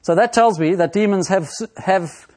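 Male preacher, slightly high voice, deliberate expository sermon delivery, pauses often. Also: a little mellow. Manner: slow and deliberate, with frequent pauses and fillers.

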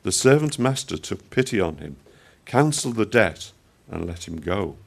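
A man reading a long scripture passage aloud in church, measured and clear. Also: fairly low pitch, very animated. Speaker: scripture reader.

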